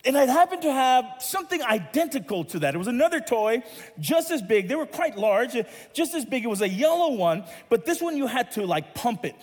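High-voiced man preaching in a long hall echo. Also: a little fast. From Southern California. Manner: animated, playful, laughs at his own story. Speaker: pastor. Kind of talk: sermon storytelling.

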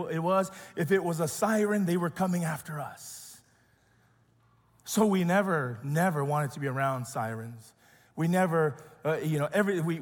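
A man with a notably high voice preaches a sermon. He sounds earnest, pushing some lines up loud and pulling others down almost to a murmur. His voice rings with long reverb, as in a large hall. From grew up as an immigrant. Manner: earnest preaching, shifts between loud and hushed. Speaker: pastor.

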